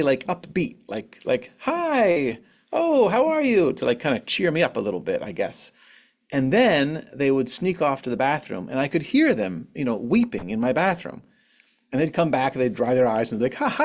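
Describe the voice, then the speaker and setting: A man giving a candid, reflective online talk on grief, now and then acting out what others said in a higher voice. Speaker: conference speaker on grief. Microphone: online presentation mic.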